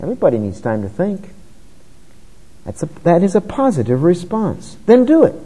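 Male preacher, sermon delivery, mellow tone, slightly raised pitch. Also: wildly swooping pitch, normal speed, breathy edge, big-room sound, rough recording. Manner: earnest, conversational preaching with rising emphasis.

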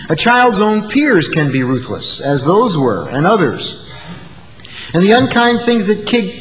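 A man's voice: fairly high pitch, in a large hall, slight background noise, rough recording. A male pastor delivering an earnest sermon, building to emphatic peaks. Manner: earnest, rising to emphatic peaks, acting out quoted insults.

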